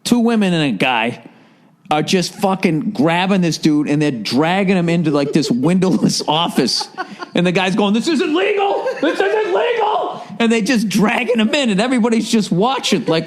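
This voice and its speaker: A man spins a profane comic story on a podcast, his voice sitting a little high for a man. He rants and riffs with loose, animated energy and keeps laughing at his own lines. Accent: Boston. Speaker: podcast host. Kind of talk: comedic storytelling.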